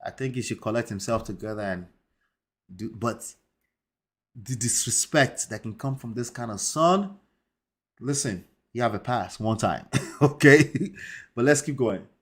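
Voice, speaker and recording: A man's voice: medium pitch, a little slow, long pauses, fairly bright tone. Emphatic male commentary host. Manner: emphatic, peppers points with rhetorical "right?".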